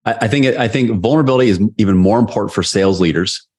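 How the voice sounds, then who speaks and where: Deep-voiced candid male storyteller. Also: racing, slightly rough. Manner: candid, animated storyteller with many restarts. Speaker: guest, sales leadership coach. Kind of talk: storytelling interview answers.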